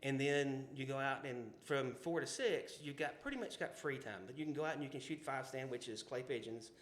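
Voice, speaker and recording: A man's voice: medium pitch, fairly quick. A man with a Southern US accent telling rambling, folksy stories in a casual podcast chat, full of restarts and asides. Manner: rambling, folksy, many restarts and "you know". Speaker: podcast co-host. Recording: roomy echo with faint background ambience.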